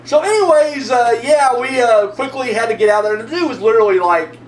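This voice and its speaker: A man hosting his own video channel, telling a long story in a rambling, profane, animated way. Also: very high-pitched, a little fast, distant mic. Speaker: video host answering viewer comments. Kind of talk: casual storytelling monologue. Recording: roomy echo, mic set back, faint hum.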